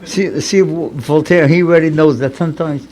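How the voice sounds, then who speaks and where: A man's voice: on the high side, moderate pace, darkish tone. A man in his seventies, a rabbi giving an inspirational sermon in an earnest, conversational way, often repeating phrases for emphasis. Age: 70s. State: recovering from paralysis, slightly impaired speech. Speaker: rabbi and lecturer.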